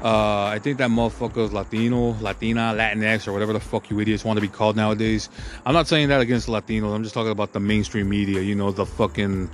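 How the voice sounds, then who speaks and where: A man's voice: fairly low pitch, fairly even intonation, fast, slight background noise. A man hosting a podcast, ranting crudely and heatedly in a rambling monologue full of filler and profanity. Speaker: podcast host.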